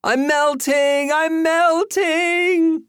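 A man doing a shrill, teasing young guy. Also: steady tone, normal speed, no room sound, studio quality. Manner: shrill, bossy, goofy put-on high voice. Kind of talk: audiobook character voice.

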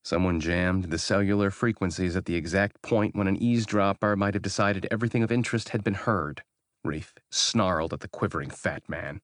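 A male audiobook narrator with a very low voice, reading in a measured, even storytelling manner. The recording is close and dry, with no room sound. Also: no room sound. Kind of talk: scripted narration.

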